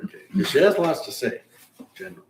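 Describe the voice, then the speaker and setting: Hosting a live car-building stream, this middle-aged man speaks quickly in a gravelly voice that sits on the high side. His talk is a loose, casual chat with viewers, full of rambling shop explanations and the occasional chuckle. Faint hiss and a roomy feel come from the distant microphone.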